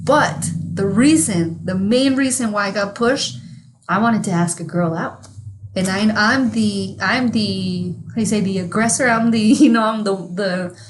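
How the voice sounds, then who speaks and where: In a relaxed chat on the podcast she co-hosts, a Spanish-speaking woman from Mexico rambles through a profane story, laughing all the while. Her voice is mid-range and her pace moderate.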